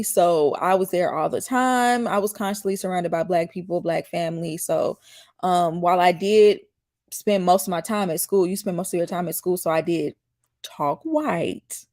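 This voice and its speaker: A woman's voice: fairly low pitch, darkish tone. Chatty woman with a slight Southern twang. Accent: slight Southern US country accent. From Mississippi, US. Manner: chatty, rambling, reads viewer comments aloud and answers them. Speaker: YouTube host reacting to a dating show. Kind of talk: casual live-stream commentary.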